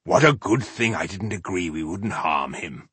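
Brief: a man playing a blunt, mocking dwarf fighter with a husky voice in a storybook reading. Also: deep voice, animated, normal speed, a bit bright, no room sound, exaggerated voice. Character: gruff, mocking male dwarf warrior.

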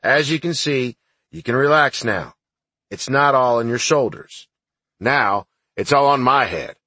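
A man voicing a gruff, blunt older army sergeant in an audiobook, with a husky voice. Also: mid-range voice, animated, unhurried, bright, forceful tone, no room sound, voice pushed up, heavily acted.

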